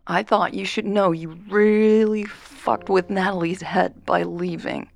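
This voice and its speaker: A woman's voice: mid-range voice, steady tone, a little slow, vocal fry, soft background music, voice pushed up. A woman voicing a tipsy, blunt young woman who slurs and speaks sharply in defense of her best friend. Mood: sharp, protective. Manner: slurring, sharp and protective. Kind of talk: audiobook character voice.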